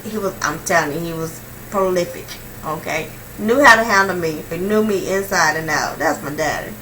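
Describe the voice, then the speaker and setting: A young woman vlogger telling a personal story in a casual, slangy, animated way, swinging between hushed and loud. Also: fairly low pitch, moderate pace, distant mic, slight background noise, low-quality recording.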